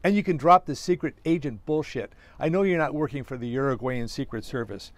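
A man reading aloud, voicing a blunt, jovial ship captain with a surprisingly high voice and a mixed foreign accent. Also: a little fast, no room sound, lightly acted.

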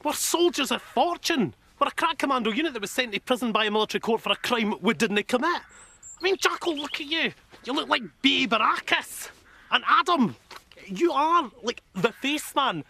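An actor with a Scottish accent playing a cocky, daft young tank soldier in a comedy series, chatty and playful. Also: male voice, very high-pitched, lively intonation, normal speed, vocal fry, pushed and bright, heavily acted. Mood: excited. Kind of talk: sitcom acting.

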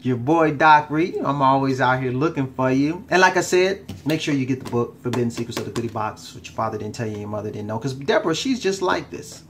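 A man talking as a relationship coach straight to his viewers, emphatic and casual, repeating words for stress and using relaxed slang. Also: medium pitch, fairly quick, few pauses, a little hiss or hum. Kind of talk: direct-to-camera advice talk.

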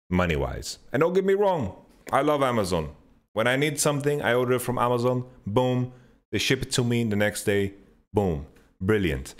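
A man hosting a podcast, telling a rambling story in an animated, sweary way and playing out his own thoughts. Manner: animated storytelling, swears freely, mimics himself with pitch jumps. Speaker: podcast host. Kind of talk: casual rambling monologue.

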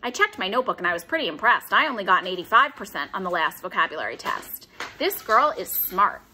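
A woman reading a children's story with a clear, bright voice and a very lively pitch. She narrates expressively, leaning into each line. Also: fast, slight background noise. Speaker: audiobook reader.

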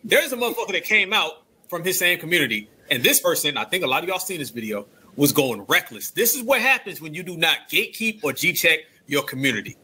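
Bright, husky-voiced male host. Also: fairly high pitch, fairly quick, hardly any pauses. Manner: animated, addresses the audience. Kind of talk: casual panel commentary.

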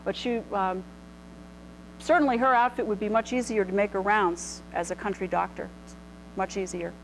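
Speaking at normal speed with fairly even intonation, a middle-aged woman with a mid-range voice gives a casual illustrated lecture on clothing history to a live audience in a lecture room. She chats freely, often saying um and restarting sentences. Slight background noise marks the low-quality recording.

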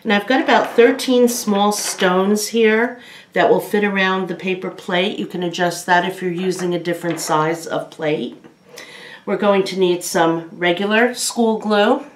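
A woman's voice: medium pitch, fairly even intonation, measured pace, a little hiss or hum. A woman librarian reading a children's story aloud, then patiently explaining a campfire craft step by step. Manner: patient, step-by-step instructions for kids. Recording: roomy echo.

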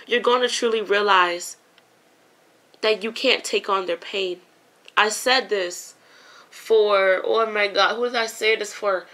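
Woman, tarot reader, bright tone, talks to viewers like friends, casual and emotional. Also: mid-range voice. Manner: chatty, emotional, swears casually, addresses viewers as honey and you guys. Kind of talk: casual spoken tarot reading.

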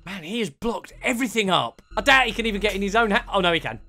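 Young man, let's play commentary, lively up-and-down pitch, bright tone, excitable. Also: quick pace, gravelly. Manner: excitable, swings from mutters to shouts and laughter. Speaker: gaming YouTuber.

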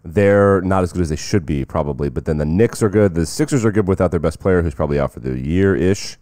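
Low-voiced sarcastic man talking sports. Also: fast talker, dry recording, studio quality. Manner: sarcastic, jumps between loud excitement and muttering. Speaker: sports commentary host. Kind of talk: casual sports commentary.

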